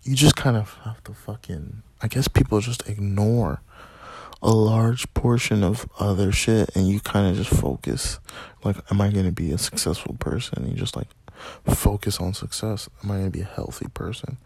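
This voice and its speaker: A man hosting a casual solo podcast from a small dark room, rambling and swearing in a laid-back way. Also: fairly low pitch, normal speed, gravelly, husky, no room sound. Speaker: podcast host.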